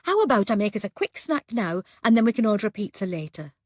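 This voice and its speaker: A woman voicing a caring, weary pathologist who speaks gently and plainly. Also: medium pitch, big pitch swings, fast talker, no room sound, clean studio sound. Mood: gentle.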